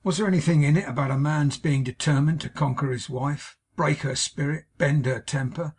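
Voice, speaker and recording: Sneering drunken husband as a man reads him, snarling, husky, audiobook. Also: a little high, steady tone, normal speed, darkish tone. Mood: contemptuous. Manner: snarling, contemptuous. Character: drunken cruel young husband, sneering and bullying. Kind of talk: audiobook character voice.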